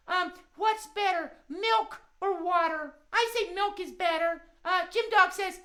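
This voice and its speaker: A man voicing Max, an earnest young cat puppet who talks in a halting, repetitive way for a children's puppet show. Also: sharp tone, heavily acted. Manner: high squeaky voice, halting and repetitive.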